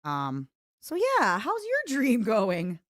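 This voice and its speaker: Lively young woman streamer, dry close sound. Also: slow, no room sound. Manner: animated, bursts into high-pitched imitations. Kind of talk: casual chat with chat readers.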